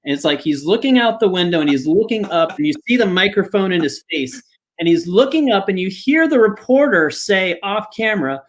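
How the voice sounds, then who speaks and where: A man with a high, expressive voice tells a story at a brisk pace while hosting a live podcast, recorded on a podcast microphone online. His casual storytelling rambles and circles back, with restarted sentences and plenty of fillers.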